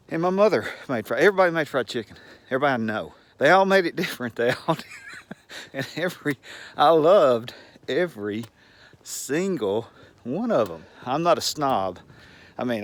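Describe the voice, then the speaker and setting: A man's voice: mid-range voice, a bit bright. Folksy Southern man rambling on a walk. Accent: Southern US, Georgia. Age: older. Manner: folksy, emphatic, chuckles often. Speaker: vlogger. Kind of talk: rambling casual monologue. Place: outdoors, walking.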